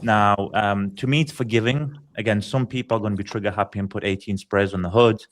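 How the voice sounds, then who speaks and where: British-sounding guy chatting on a podcast, kinda low voice, gushing. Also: fairly even intonation, fairly quick. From not technically British. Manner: effusive, chatty, lots of fillers. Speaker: podcast guest, brand founder. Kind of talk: casual podcast chat.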